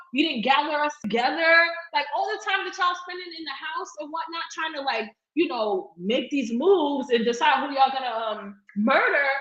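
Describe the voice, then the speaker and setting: A woman co-hosting a casual reality TV recap, talking animatedly and acting out what people said. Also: high-pitched. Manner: animated, quotes people in acted asides. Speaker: podcast co-host. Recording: echoey dull room sound.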